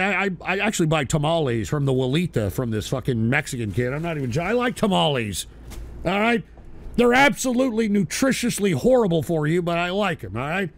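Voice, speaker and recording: Gravelly, crude ranting radio host man. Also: a little high. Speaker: call-in radio show host. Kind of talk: profane ranting call-in radio.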